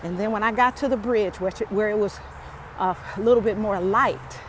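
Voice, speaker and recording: A woman's voice: medium pitch, normal speed, slight background noise. A woman chatting to her viewers with humor as she walks a wooded lakeside trail, filming on a handheld phone. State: out of breath. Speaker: vlogger. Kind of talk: casual vlog chat while walking.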